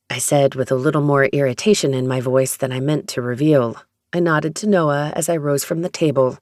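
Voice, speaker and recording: An audiobook narrator reading a first-person romance story in a steady, even storytelling manner. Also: mid-range voice, normal speed, hardly any pauses, dry recording, studio quality.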